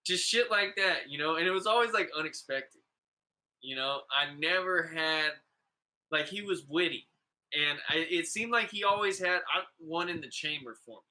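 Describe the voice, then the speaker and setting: A laid-back man talking casually on a podcast, his voice slightly high and very bright with a sharp edge. He rambles through stories, swears a lot and keeps saying "bro". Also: moderate pace, rough recording. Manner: laid-back, profane, calls people "bro"; rambling, full of "like" and "you know". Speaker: podcast host. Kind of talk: casual storytelling chat.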